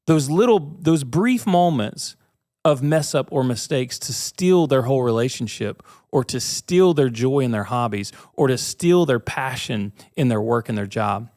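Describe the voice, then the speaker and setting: A man's voice: on the high side, lively intonation, moderate pace, a little mellow, no echo. Earnest podcast host guy in his 30s, chatty, asks listeners stuff, dry studio sound. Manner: earnest and conversational, talks straight to listeners with rhetorical questions. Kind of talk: casual faith and leadership podcast monologue. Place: studio suite with bookshelves.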